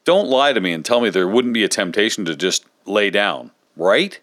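A man chatting on a podcast in an animated, talkative way, laughing easily. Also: lowish voice, moderate pace, no room sound, clean studio sound. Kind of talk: casual podcast chat.

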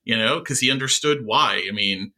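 A man with a very bright, forward tone that cuts through clearly, talking over a TV episode with his co-host. He thinks out loud, pausing on fillers and restarting phrases as he works through each scene. His pitch sits in an everyday middle range. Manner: thoughtful, halting with frequent fillers. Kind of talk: casual recap discussion of a TV episode.

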